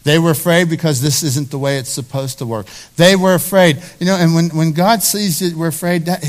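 Speaking a little fast in a slightly high voice, this male pastor delivers a sermon with emphasis, repeating phrases to drive points home. His tone is conversational as he addresses the congregation directly.

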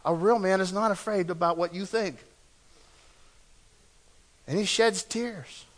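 Bright-voiced male pastor in a reverberant hall. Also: high voice. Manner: earnest, leads congregation in call-and-response; swings between loud emphasis and soft, hushed lines. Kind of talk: sermon. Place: church sanctuary. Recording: long reverb of a church hall.

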